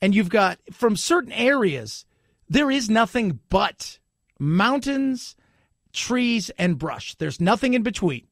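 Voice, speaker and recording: A man's voice: high voice, big pitch swings, slow, a bit bright, dry recording, clean studio sound. A man hosting a talk radio show, giving opinionated commentary and hammering points home by repeating them. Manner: emphatic, repeats points for effect. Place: radio studio. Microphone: studio microphone.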